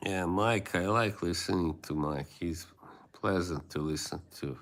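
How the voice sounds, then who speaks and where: A man's voice: low voice, a little slow, a bit bright. A man hosting a livestream, rambling in casual chat with his viewers and laughing often. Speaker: livestream host.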